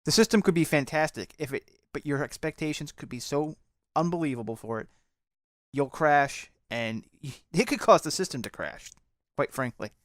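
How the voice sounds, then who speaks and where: A man speaking as a podcast guest, relaxed and agreeable, stumbling over words now and then. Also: on the high side, normal speed, dry recording, clean studio sound. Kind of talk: casual podcast discussion.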